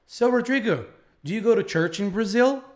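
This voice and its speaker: A man's voice: high voice, lively intonation, normal speed, pitched above the performer's own voice. A man playing a friendly young American who eagerly fires off questions. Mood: curious.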